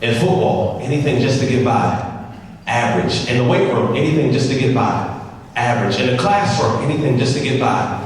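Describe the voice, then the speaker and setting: A man's voice: medium pitch, expressive, normal speed. A man giving a humorous, repetitive storytelling speech, talking straight to the audience, heard from far off in a large hall. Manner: humorous, repetitive, addresses the crowd directly. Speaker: motivational speaker.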